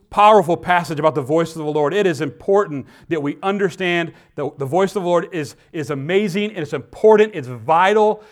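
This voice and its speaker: A man preaching a sermon with lively emphasis, dropping to quiet asides and reading scripture slowly. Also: fairly high pitch. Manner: animated preaching, swinging between loud emphasis and quiet asides. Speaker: pastor.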